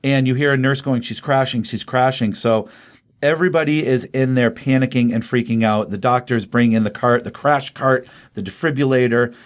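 A man's voice: medium pitch, steady tone, moderate pace. A middle-aged man co-hosting a podcast, casually retelling comic plots in a chatty way with frequent fillers. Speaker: podcast co-host reviewing comics. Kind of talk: casual review chat.

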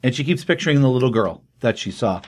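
Talking fast in an animated mid-range voice, a podcast host retells a comic's plot in a loose spoken recap. He stumbles through ums and restarts and voices a few character lines along the way.

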